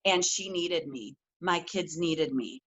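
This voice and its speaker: A woman's voice: low voice, takes it slowly, fairly bright tone, muffled recording. A middle-aged woman, a guest coach on a podcast, talking earnestly and acting out quotes as she tells her story. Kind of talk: casual interview chat.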